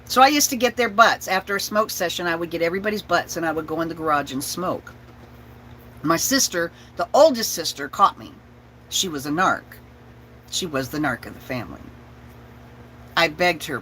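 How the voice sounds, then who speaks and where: A woman's voice: on the low side, expressive, moderate pace, sharp tone, a little hiss or hum, rough recording. A woman telling a personal story with profanity and laughter, acting out her family's voices. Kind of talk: personal story told to an audience.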